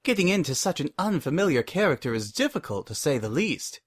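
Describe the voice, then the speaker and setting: A man's voice: on the high side, very animated, brisk, slightly rough, voice pushed up. A man voicing a refined grown-up mare who talks in a posh, prim, dramatic way.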